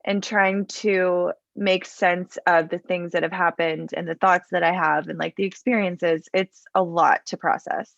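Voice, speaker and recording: A woman host talks through her thoughts in a relaxed, hesitant way. Her voice is low and gravelly, with plenty of vocal fry. The recording is dry and dull, with a lo-fi sound. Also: a little slow, few pauses, dry recording. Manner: reflective, hesitant. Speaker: podcast host. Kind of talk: casual chat.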